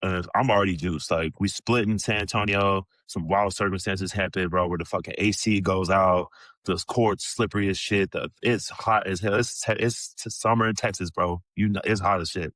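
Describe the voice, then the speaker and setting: A man in his thirties, a podcast guest telling animated, profane stories full of casual slang. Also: low voice, moderate pace, no echo. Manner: profane, animated storyteller, many "bro" and "like" fillers. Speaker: podcast guest, former pro basketball player. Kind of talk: casual storytelling.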